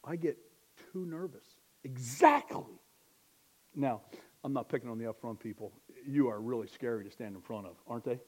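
A man's voice: medium pitch, very animated, a little fast, darkish tone, breathy edge. A man preaching a sermon in a conversational way, asking rhetorical questions and joking at his own expense. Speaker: pastor.

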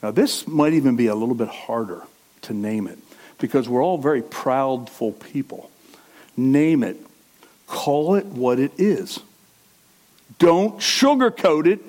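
A middle-aged male pastor giving a conversational sermon, dropping into low asides and rising into loud emphatic preaching. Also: lively intonation, measured pace, pauses often.

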